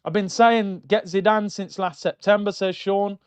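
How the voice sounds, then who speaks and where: Middle-aged guy hosting a fan stream; high-pitched, mocking, slightly dull lo-fi audio. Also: moderate pace, clear, resonant tone. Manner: animated, mocking, jumps into high exclaims. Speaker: football fan channel host reading viewer comments. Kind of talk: casual live-stream rant.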